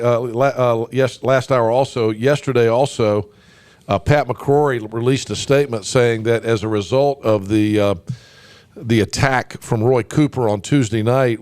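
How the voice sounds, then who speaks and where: A man's voice: lowish voice, darkish tone, no echo. A man hosting a political talk radio show, emphatic and folksy, with lots of fillers and restarts. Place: radio studio. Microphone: studio microphone.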